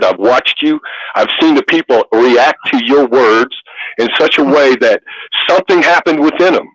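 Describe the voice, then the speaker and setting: A man's voice: mid-range voice, fairly bright tone, slightly rough, no echo, dull audio. A man calling into a show, rambling and repeating himself as he preaches. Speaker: caller. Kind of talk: preachy call-in rant.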